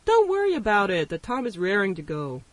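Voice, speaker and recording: A man's voice: sits high, wildly swooping pitch, a little fast, fairly bright tone, dry recording, heavily acted. A man voicing a smug, scheming male griffin breeder who talks in a needling, self-satisfied way. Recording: voice distant from the mic.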